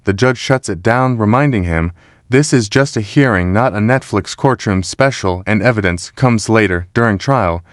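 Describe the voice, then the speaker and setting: A man narrates in a mocking, dramatic scripted style. His voice is low and the recording is dry and close. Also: moderate pace, no echo. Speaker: commentator.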